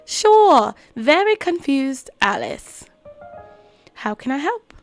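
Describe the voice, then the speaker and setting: Rich: a woman playing a smug, riddling male cat from a game, purring out teasing half-answers in a put-on accent. The voice sits high and swoops widely, full of sly lilts. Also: big pitch swings, moderate pace, faint music behind.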